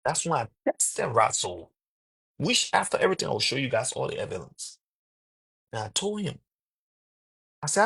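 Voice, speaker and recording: A man's voice: mid-range voice, sing-song, normal speed, gravelly, long pauses, fairly bright tone, slightly rough. A man, retelling conversations in a casual, emphatic, repetitive monologue. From Liberia. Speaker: online commentator.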